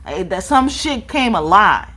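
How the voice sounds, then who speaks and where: Young woman reading tarot, swears a lot, laughs, super animated. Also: medium pitch, unhurried, slight background noise. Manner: animated, profane, laughs often. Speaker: tarot reader.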